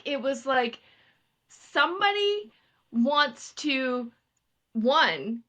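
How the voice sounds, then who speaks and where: A woman's voice: high-pitched, slow. A young woman from Canada co-hosting a podcast, chatting casually and acting out the back-and-forth of her stories. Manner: animated storytelling, acts out quoted exchanges. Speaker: podcast co-host. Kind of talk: casual chat.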